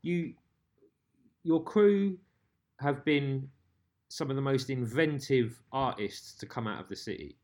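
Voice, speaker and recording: A man interviewing a guest in a casual chat, with halting restarts as he talks. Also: medium pitch, a little mellow. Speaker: interviewer and narrator.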